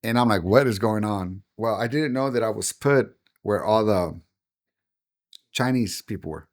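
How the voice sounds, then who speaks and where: A man's voice: lowish voice, expressive, normal speed. A middle-aged man, a pastor, telling a story on a podcast and acting out the dialogue he quotes. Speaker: pastor and guest.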